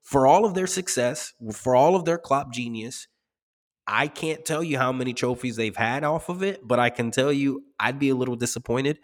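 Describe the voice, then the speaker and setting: A man's voice: medium pitch, normal speed, big-room sound. A man co-hosting a casual soccer podcast, blunt and profane, laughing often. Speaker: podcast co-host. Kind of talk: casual sports podcast chat.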